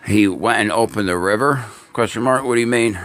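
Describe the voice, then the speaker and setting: A man's voice: on the low side, brisk, fairly bright tone. A man chatting casually on a live stream, answering viewers and talking fondly to his cat. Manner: talks fondly to his cat between chat. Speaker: livestreamer.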